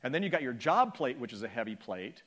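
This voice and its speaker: A man's voice: mid-range voice, very animated, quick pace, a bit bright. A middle-aged man speaking to a church audience, telling a humorous, self-deprecating story and acting out the people in it. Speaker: guest speaker and author. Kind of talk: storytelling sermon talk.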